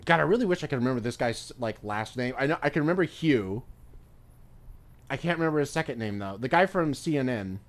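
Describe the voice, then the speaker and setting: A man's voice: mid-range voice, lively intonation, quick pace. A male streamer chatting casually while gaming, rambling through stories with free swearing. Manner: rambling, swears freely, loose storytelling.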